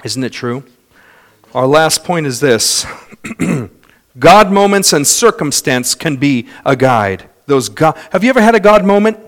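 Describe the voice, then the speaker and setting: A man preaches to his congregation with a voice pitched a little above most men's. He moves from loud, rousing passages to hushed, slowed-down moments and slips into other people's voices as he tells stories. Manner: dynamic preaching with wide swings in loudness and pace; storytelling with imitated voices of others. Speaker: pastor. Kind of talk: sermon.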